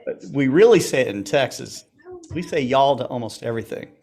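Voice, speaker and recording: A man's voice: mid-range voice, expressive, fairly quick, a little mellow. A man hosting a live show in a casual, joking way, reading out viewer greetings. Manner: reads viewer comments aloud, jokes. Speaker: host. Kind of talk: casual livestream chat.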